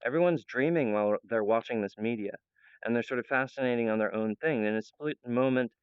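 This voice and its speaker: A young man talks in a long, wandering monologue, chuckling often and restarting his sentences. His voice is smooth and resonant at a middling pitch. The recording is dull and lo-fi, with no room echo at all. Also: a little fast. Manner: meandering, laughs often, many restarts. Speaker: channel host. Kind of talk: rambling monologue. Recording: dull, lo-fi, dry sound.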